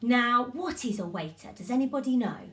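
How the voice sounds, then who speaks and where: A woman teaching a drama session to young children, giving animated, coaxing instructions and encouragement. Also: fairly high pitch, moderate pace, recorded from a distance. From United Kingdom.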